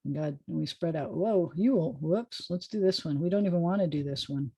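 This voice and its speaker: A woman rabbi teaching an informal online Hebrew class over a video call, chatty and joking as she sounds out words slowly. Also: on the low side, warm tone, husky, no echo.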